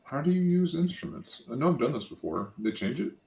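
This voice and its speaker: A man's voice: a little high, very animated, fast, creaky, darkish tone, slight background noise, poor audio. A man co-hosting a let's play with a slight lisp, chatting casually, rambling and correcting himself as he goes. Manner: rambling, self-correcting, joking. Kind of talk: casual gaming chat.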